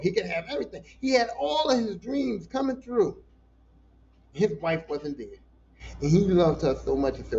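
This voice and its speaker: A man with a high voice hosts a casual solo podcast, telling stories in an animated, profane and emotional way. The recording sounds dull and lo-fi, with a faint hiss behind him. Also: moderate pace. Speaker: podcast host.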